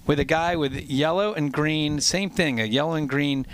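A middle-aged man telling an animated, self-mocking story in casual conversation, often restarting his sentences. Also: on the high side, normal speed. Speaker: former ballpark entertainer.

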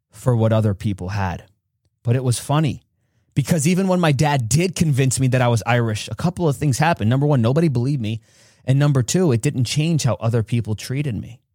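A man's voice: moderate pace, mellow, no echo, clean studio sound. A man hosting a podcast, telling a personal story with emphasis and acting out the voices of those in it. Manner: emphatic, acts out childhood dialogue with rising pitch. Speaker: podcast host.

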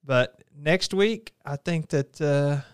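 A man with a Southern accent co-hosting a casual podcast, laid-back and drawling, quick to laugh. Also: on the high side, clean tone, dry recording, clean studio sound. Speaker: podcast co-host.

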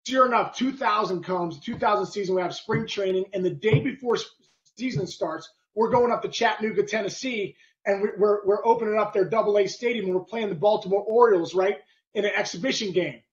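A middle-aged man, a former ballplayer hosting a podcast, telling a story in casual, animated chat with bursts of sound effects. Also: high voice, brisk, lo-fi sound. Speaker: podcast host, former baseball player.

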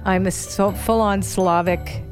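A woman's voice: mid-range voice, fairly even intonation, measured pace, music in the background. A woman in her sixties hosting a podcast, gushing and giggling through casual outtakes. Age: 60s. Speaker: podcast host.

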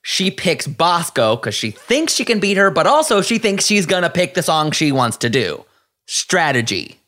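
A man with a fairly high voice talks through a TV episode on a casual podcast. He moves briskly and slips into little acted-out quotes. It sounds like relaxed chat between friends. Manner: brisk, acts out imagined quotes.

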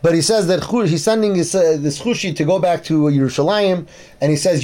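Man, fairly high voice, Torah class teacher, storytelling, Hebrew terms mixed in, restarts often. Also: brisk, dark tone. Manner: frequent restarts and fillers. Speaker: Bible teacher.

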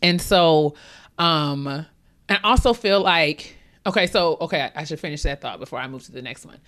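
A young woman co-hosting a podcast in a relaxed, candid way, rambling a little and falling into casual slang. Her voice sits somewhat low for a woman. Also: moderate pace. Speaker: podcast co-host.

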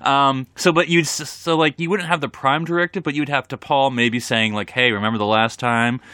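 A man hosting a casual podcast, animated and laughing, often searching for words. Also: fairly high pitch, normal speed, no echo, studio quality. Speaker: podcast host. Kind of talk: casual chat.

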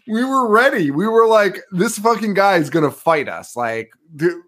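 A man's voice: high voice, a little slow. A young man co-hosting a podcast, talking casually, swearing a lot and laughing often. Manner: animated, profane, laughs often. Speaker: podcast co-host. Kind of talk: casual chat.

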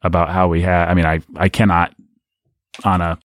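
A man co-hosting a podcast, talking in an animated, rambling and candid way about a book. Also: low voice, normal speed, dry recording, clean studio sound. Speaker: podcast co-host. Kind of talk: casual book discussion.

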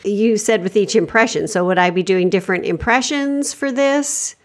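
A woman co-hosting a comedy podcast, trading dry, deadpan absurd ideas in improvised banter. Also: medium pitch, normal speed. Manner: puts on a mock 1940s transatlantic accent. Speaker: podcast co-host.

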